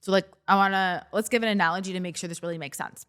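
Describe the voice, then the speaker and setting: A woman hosts a self-help podcast in a relaxed, conversational coaching manner. She speaks straight to her listeners and now and then acts out their excited reactions in quick quoted asides. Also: on the low side, smooth. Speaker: podcast host. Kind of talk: casual self-help talk.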